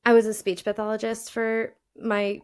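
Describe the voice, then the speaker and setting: A woman hosting a casual chat, with a faint Long Island accent, telling stories in an animated way and laughing easily. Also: fairly high pitch, normal speed, clear, resonant tone. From Long Island, New York. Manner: animated storyteller, laughs easily, acts out quotes. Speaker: podcast host.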